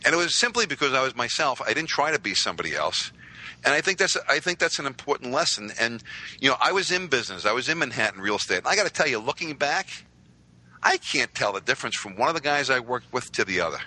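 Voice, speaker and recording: A man, telling stories as a podcast guest with lively voiced quotes. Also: medium pitch, quick pace, rough recording. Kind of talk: casual storytelling.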